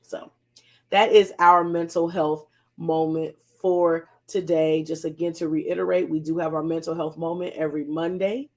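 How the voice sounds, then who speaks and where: Gravelly-voiced counselor, emphatic. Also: mid-range voice, level tone, normal speed. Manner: emphatic, repeats key phrases, laughs often, casual slang. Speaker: counselor hosting a weekly mental health segment. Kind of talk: casual motivational talk.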